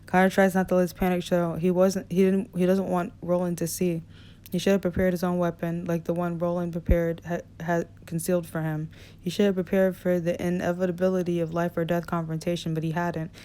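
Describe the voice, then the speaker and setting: A woman narrating an audiobook in a relaxed reading style, with small slips and restarts. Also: lowish voice, clear, resonant tone. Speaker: audiobook reader.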